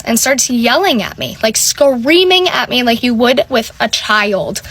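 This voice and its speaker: High-voiced young woman ranting animatedly. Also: a little slow. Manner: exasperated, animated retelling with many "like"s. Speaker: vlogger. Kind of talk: casual storytelling rant.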